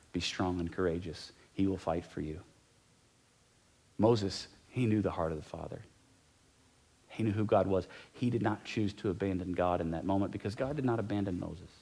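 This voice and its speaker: A man's voice: fairly low pitch, a little mellow. Man preaching with emphatic repetitions. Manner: conversational preaching, emphatic repetitions, drops to near whisper. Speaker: pastor. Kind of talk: sermon.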